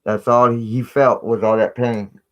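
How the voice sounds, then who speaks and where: A man's voice: medium pitch, little pitch movement, a little slow, highs cut off. Rambling man hosting a live stream. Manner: rambling, filler-heavy, conspiratorial chat. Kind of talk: casual live stream talk.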